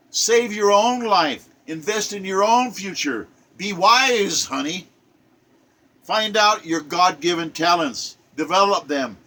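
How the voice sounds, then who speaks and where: An older man, a self-published poet, gives a preachy, exhortative monologue, hammering his points home through repeated emphatic phrasing. His voice is high with a sharp tone.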